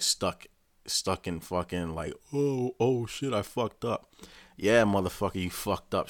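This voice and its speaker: Deep-voiced man ranting profanely. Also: no echo, clean studio sound. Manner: profane, rambling, animated storytelling. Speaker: vlogger. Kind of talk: casual rant recapping a show.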